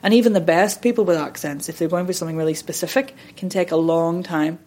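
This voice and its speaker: Woman, 30s, voice coach; low-ish voice, chatty, rambling, self-deprecating interviewee. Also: fast talker, a little mellow. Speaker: voice and accent coach. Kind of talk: conversational podcast interview.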